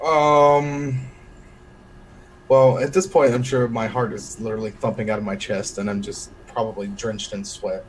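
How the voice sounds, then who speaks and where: A man's voice: fairly low pitch, little pitch movement, moderate pace, slight background noise, poor audio. A man playing a tabletop role-playing game, describing what his character does with hesitations and restarts. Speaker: player.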